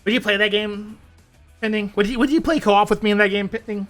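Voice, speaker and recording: A woman's voice: medium pitch, fairly even intonation, fast talker, soft background music. A woman streamer narrating a visual novel read-along with a giggly, playful, chatty manner.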